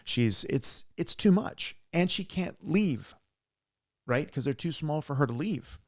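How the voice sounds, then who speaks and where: A man co-hosting a conversational podcast, with a gravelly voice of middling pitch. He tells his stories emphatically and with animation, and the sound is close and dry. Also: animated, a little slow, no room sound. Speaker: podcast co-host; practitioner who sees patients.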